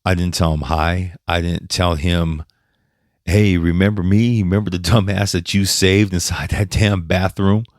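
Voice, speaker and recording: A man hosting a podcast, telling a personal story in a halting, emotional way, with restarts and some swearing. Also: low voice, no room sound, clean studio sound. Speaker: podcast host.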